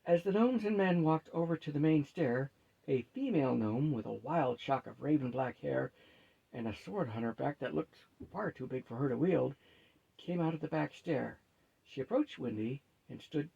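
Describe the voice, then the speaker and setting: A man reading a fantasy novel aloud at a steady, unhurried pace, lightly shifting his pitch for each character. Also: vocal fry, breathy edge, muffled recording. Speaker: storyteller.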